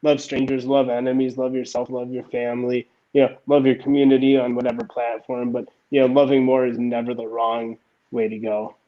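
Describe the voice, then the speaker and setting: A man appearing as a guest on a talk show, giving an earnest, calm closing message. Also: mid-range voice, fairly quick, muffled recording. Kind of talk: casual interview sign-off.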